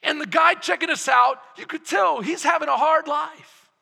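A man preaching a sermon as pastor, telling a family story with shouted exclamations and quiet, reflective passages. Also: very high voice, moderate pace, gravelly. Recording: long church-hall reverb.

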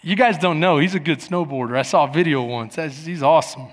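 A middle-aged man preaches from the pulpit with a fairly high voice. His words ring out in a hall with a long reverb. He tells lively stories and acts out each voice in them. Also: brisk. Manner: animated storytelling, acting out voices. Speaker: pastor. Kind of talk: sermon.

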